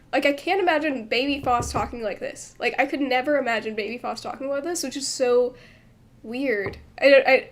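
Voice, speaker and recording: Chatty woman streamer thinking aloud. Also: high voice. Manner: thinks aloud with many fillers and restarts. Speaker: streamer translating a manga. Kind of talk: casual livestream commentary.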